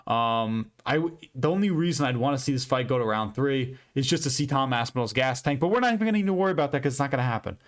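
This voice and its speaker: A man's voice: medium pitch, fast talker, few pauses. Young guy ranting about fights, swears a lot, emphatic, rambly. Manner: profane, emphatic, rambling with fillers. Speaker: fight predictions channel host. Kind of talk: casual commentary.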